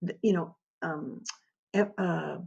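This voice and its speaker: A woman's voice: fairly low pitch, fairly even intonation, slow pace, vocal fry, a little mellow, breathy edge, muffled recording. A woman teaching a history lesson in an informal, conversational way, asking rhetorical questions as she goes. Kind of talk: informal classroom lecture.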